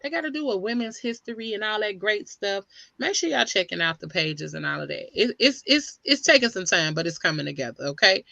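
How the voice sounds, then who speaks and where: A woman with a bright, forward voice hosts a casual podcast chat. She sounds breezy and slangy and talks straight to her listeners. The sound is dry and close. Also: medium pitch, expressive, a little fast, vocal fry, no room sound. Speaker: podcast host.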